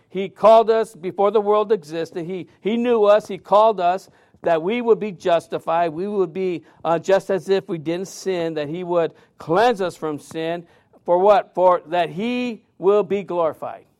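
A man's voice: high-pitched, darkish tone. A man preaching a sermon in a loose, conversational storytelling way, full of fillers and restarts. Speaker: pastor.

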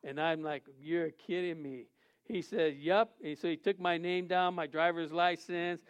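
A man's voice: on the high side, steady tone, a little slow, smooth. A man who is a pastor, preaching a sermon and telling a funny personal story, acting out the dialogue and laughing often.

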